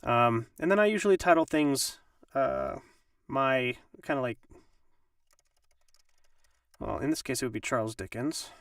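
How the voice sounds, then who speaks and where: A man's voice: mid-range voice, measured pace, creaky, pauses often, a bit bright, dry recording, clean studio sound, far from the mic. A male voice actor, a little under the weather, explaining audiobook production in a casual live-stream tutorial full of ums and restarts. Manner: rambling, with many ums and restarts.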